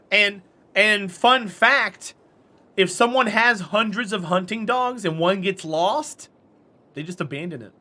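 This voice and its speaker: A man's voice: high voice, sharp tone. A man chatting casually on a live stream while playing a game, rambling and answering chat.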